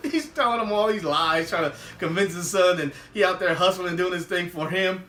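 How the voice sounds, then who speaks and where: A man hosting a casual recap of a TV episode, animated and laughing often as he acts out the scenes. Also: high voice, fairly quick, a little hiss or hum. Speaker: podcast host. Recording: roomy, distant mic.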